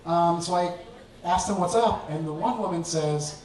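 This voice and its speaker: A man telling a personal story on stage to a live audience, with an animated, self-mocking comic delivery. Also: fairly high pitch, normal speed. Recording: echoey hall, distant mic, audience laughter.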